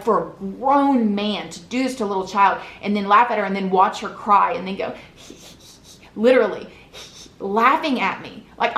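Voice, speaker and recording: A woman's voice: mid-range voice, fairly bright tone. A woman, a vlogger telling an emotional story from her childhood in an earnest, confiding way, often asking the listener "right?". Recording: echoey room.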